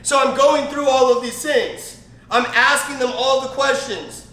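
High, bright-voiced man giving a rambling training talk. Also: steady tone, a little slow. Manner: rambling, repetitive, emphatic, with many fillers and restarts. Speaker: network marketing trainer. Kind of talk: casual motivational training talk. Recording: roomy echo.

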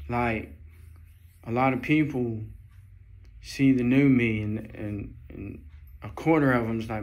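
Slow-talking man preaching warnings. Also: mid-range voice, steady tone, darkish tone. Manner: halting, repeats phrases, preachy warnings. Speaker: Christian video preacher. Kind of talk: fervent religious vlog monologue.

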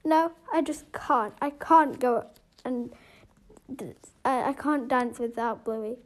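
A woman narrates her own game role-play story and plays its lead character, speaking emotionally and dramatically. Her voice is high and slow.

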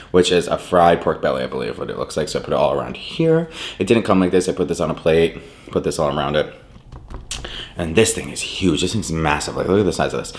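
A young man from the United States, chatting bubbly and casual in a food vlog, with lots of "um" and "like". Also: low voice. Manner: bubbly, chatty, many fillers. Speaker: food vlogger.

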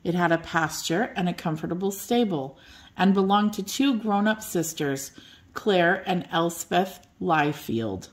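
An older woman reading a children's bedtime story aloud in a gentle, expressive way. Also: fairly low pitch, measured pace.

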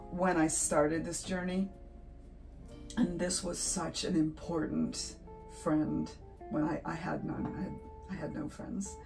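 A woman's voice: deep voice, gravelly, darkish tone, poor audio. A woman hosting an art channel, talking casually to her viewers, emotional and teary, gushing and laughing often. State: teary, sniffly. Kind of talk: casual vlog talk to camera.

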